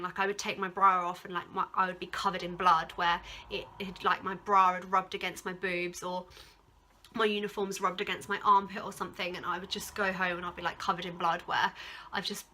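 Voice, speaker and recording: Her delivery is flat and brisk, the mid-range voice pushed and bright, with a bit of background noise. She's a young English vlogger rambling casually to camera about a personal ordeal, full of fillers and "like," with emotional moments.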